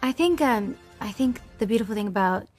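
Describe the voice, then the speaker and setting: A woman's voice: fairly high pitch, animated, fairly quick, darkish tone, soft background music. A woman being interviewed as an actress, bubbly and giggly, with many um and uh fillers. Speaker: actress guest. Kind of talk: press junket interview.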